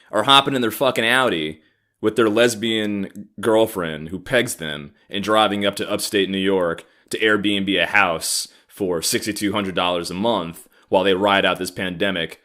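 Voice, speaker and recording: A man's voice: lowish voice, a bit bright. A man in his thirties hosting a comedy podcast, delivering an angry, profane, sarcastic rant. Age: 30s. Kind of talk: ranting comedic monologue.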